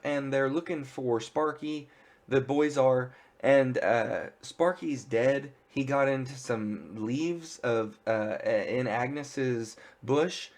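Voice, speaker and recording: A man casually retelling a TV episode in an excited, rambling way, full of filler words. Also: mid-range voice. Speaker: pop culture reviewer. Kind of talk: casual spoiler recap.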